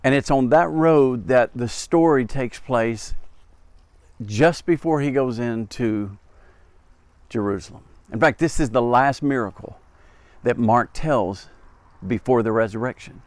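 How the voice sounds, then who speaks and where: A middle-aged male pastor from Arkansas preaching a devotional sermon outdoors, telling the story earnestly and dropping to soft, intense tones for emphasis. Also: mid-range voice, unhurried, no echo. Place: outdoors by a busy road.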